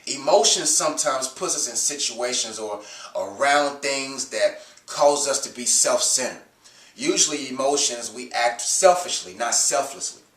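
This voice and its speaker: A congested man gives earnest, preachy advice about faith and emotions, pausing on fillers as he goes. He stands off the mic, and the room around him rings with echo. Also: medium pitch, fairly bright tone, recorded from a distance. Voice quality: nasal. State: stuffed up from a cold. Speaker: Christian video host. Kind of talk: casual faith advice talk.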